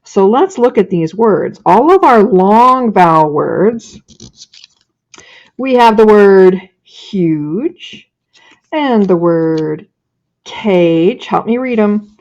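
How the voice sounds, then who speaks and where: A woman giving a screencast teaching demonstration from her office, modeling a phonics lesson slowly and deliberately. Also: mid-range voice, expressive, a little mellow, muffled recording. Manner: slow, deliberate classroom modeling, drawing out sounds. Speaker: teacher educator. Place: home office. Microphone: webcam or laptop microphone.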